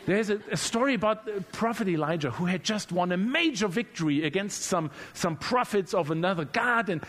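A male preacher delivering a relaxed, humorous sermon who often repeats words as he speaks off the cuff. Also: high-pitched, a little fast. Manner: conversational and humorous, repeats words while searching.

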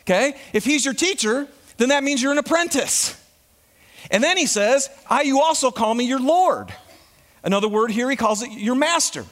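A male pastor delivering a sermon with a high, lively voice that swoops up and down. He preaches with animation and keeps questioning his congregation. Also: normal speed.

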